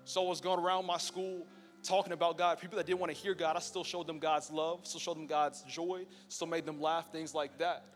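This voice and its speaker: A man's voice: fairly high pitch, little pitch movement, brisk. A young man giving a casual, joking personal testimony to a live church audience. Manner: casual, storytelling, joking with the crowd. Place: church hall. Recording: long reverb in a church hall with faint music.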